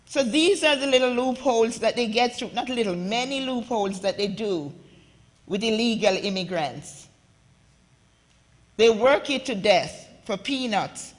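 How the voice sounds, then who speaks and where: A woman's voice: fairly high pitch, unhurried. Emphatic Jamaican woman in echoey hall. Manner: emphatic, speaks straight to the audience. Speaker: conference speaker. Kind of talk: impassioned public talk. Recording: echoey hall with long reverb.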